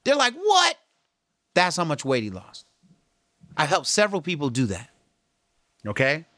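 A man's voice: on the high side, moderate pace, no room sound, studio quality. A man talking casually to viewers, coaching and encouraging them about health, with slangy, earnest delivery. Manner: earnest, coaching, slangy, animated when quoting others. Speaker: fitness and health vlogger. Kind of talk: casual motivational talk to camera.

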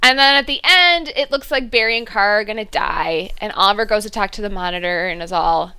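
A woman's voice: mid-range voice, fairly quick, smooth. A woman co-hosting a podcast, recapping an episode in casual chat, sarcastic and laughing as she talks. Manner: animated, sarcastic, laughs mid-sentence. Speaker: podcast co-host.

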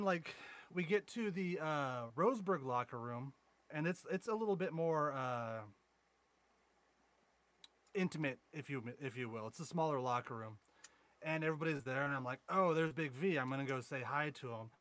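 A man's voice: on the high side, expressive, normal speed, fairly bright tone, dry recording. A man co-hosting a podcast, telling profane, rambling anecdotes and mocking his friends in casual banter. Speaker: podcast co-host.

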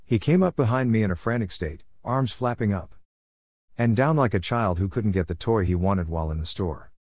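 Low-voiced man narrating a somber story. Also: expressive, moderate pace, darkish tone, slightly rough, no echo, studio quality. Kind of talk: first-person story narration.

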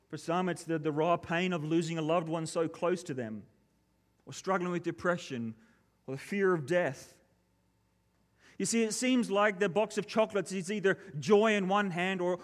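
Pastor guy preaching, kinda higher voice, earnest and steady. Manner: earnest, measured preaching with emphatic pauses. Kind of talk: sermon.

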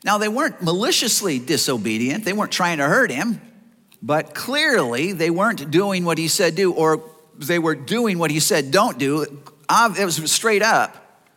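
Male pastor, high and bright, animated sermon delivery in a reverberant hall. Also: normal speed. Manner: animated preaching, acts out voices of listeners and Jesus. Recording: long reverb of a church hall.

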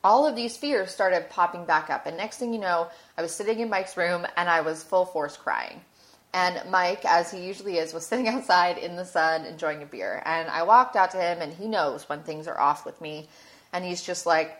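A woman's voice: on the low side, moderate pace, fairly bright tone. Candid woman telling a personal story. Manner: candid, emotional, swears casually. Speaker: podcast host.

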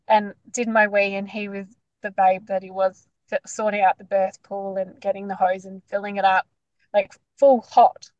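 A woman A woman in her thirties tells her story in a loose, animated, chatty way, with "like" dropping into nearly every sentence. Her voice sits at an ordinary middle pitch and sounds close and dry, with no room around it. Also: no room sound, dull audio. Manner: chatty, animated, lots of "like" fillers. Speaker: guest sharing her birth story. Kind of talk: casual storytelling.

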